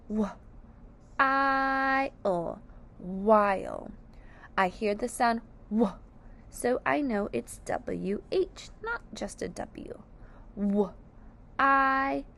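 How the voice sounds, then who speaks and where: Slow, gravelly-voiced woman teaching phonics. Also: a little high. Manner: sounding out words letter by letter, patient and deliberate. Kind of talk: slow phonics lesson for young children.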